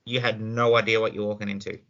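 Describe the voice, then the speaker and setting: Gravelly low-voiced male podcast host. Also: little pitch movement, quick pace, fairly bright tone, lo-fi sound. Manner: prompting, brief follow-up questions. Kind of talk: interview questions.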